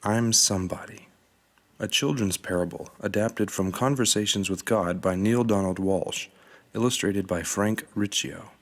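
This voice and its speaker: A man narrating a children's storybook in a calm, steady storytelling manner. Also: on the low side, normal speed. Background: faint guitar music.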